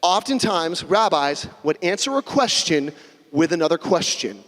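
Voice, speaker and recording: Preaching in a church sanctuary, a young pastor speaks at a moderate pace in a fairly high, slightly bright, sing-song voice. His sermon is casual and conversational, full of joking asides and small acted-out quotes. Long hall reverb fills the recording.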